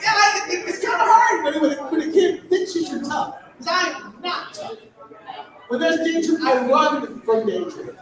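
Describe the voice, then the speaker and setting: A man's voice: very high voice, lively intonation, unhurried, over music. A man performing a self-deprecating stand-up set, telling stories and laughing through his punchlines. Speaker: stand-up comedian. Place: large hall at a live benefit show. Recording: echoey hall, distant mic, audience noise.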